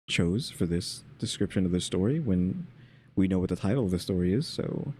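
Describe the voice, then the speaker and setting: A man's voice: deep voice, lively intonation, moderate pace, darkish tone, slight background noise. A man giving casual reaction commentary with wry, questioning asides.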